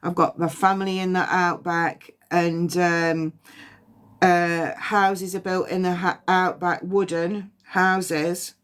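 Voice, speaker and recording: A woman giving a past-life psychic reading on a phone livestream, halting and repeating words as impressions come to her. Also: lowish voice, flat delivery, a bit bright, clear, resonant tone. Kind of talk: livestream reading and guided release.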